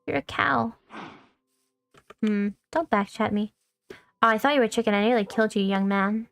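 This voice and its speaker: A woman's voice: mid-range voice, steady tone, fairly quick, dry recording. A young woman streaming a video game, rambling casually, swearing freely and poking fun at herself. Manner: rambling, swears a lot, self-mocking. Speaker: VTuber streamer. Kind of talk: casual gaming stream chat. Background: faint background music.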